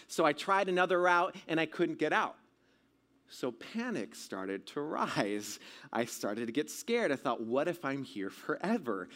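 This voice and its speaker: A man's voice: on the high side, expressive, moderate pace. Man telling a dramatic sermon story. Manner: dramatic, swinging from loud shouts to hushed tones. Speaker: pastor.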